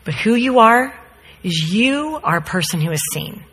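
Lady preacher telling a story, lively up and down voice, bit husky, big echoey hall. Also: a little high, normal speed. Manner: animated storyteller, acts out quotes. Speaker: speaker, mother. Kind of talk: storytelling sermon. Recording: long hall reverb.

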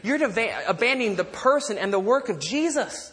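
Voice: medium pitch, animated, a little fast, few pauses, a bit bright. A pastor delivering a sermon in a loose, conversational manner. Jokes and side remarks aimed at the congregation break up the teaching, and key lines get repeated together. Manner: conversational, joking asides to the congregation; leads call-and-response repetition.

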